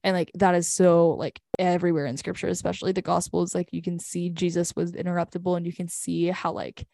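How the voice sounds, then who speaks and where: Young woman podcast co-host, low-set voice, rambling casual chat full of fillers, dry close sound. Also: flat delivery, fairly quick, creaky, mellow, no echo. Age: young adult. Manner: rambling, heavy use of "like".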